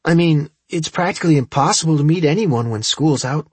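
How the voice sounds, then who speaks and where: A man voicing a friendly, nerdy teenage boy who talks in an offhand way, in a husky voice. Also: on the high side, a little fast, darkish tone, no room sound.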